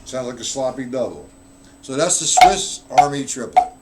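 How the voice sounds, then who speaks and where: A man's voice: medium pitch, lively intonation, moderate pace, over loud music. A man teaching drum rudiments on a live stream, counting beats aloud between casual, self-correcting explanations. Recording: loud drum and click noise. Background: drumming.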